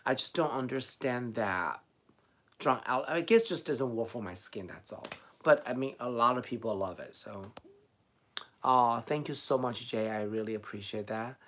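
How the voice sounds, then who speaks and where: A man's voice: mid-range voice, normal speed, fairly bright tone. A man with a Chinese accent chats casually through a live stream, answering his viewers one by one. He sounds middle-aged and laughs easily between answers. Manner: chatty, laughs often, reads out viewer comments. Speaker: beauty vlogger answering live chat.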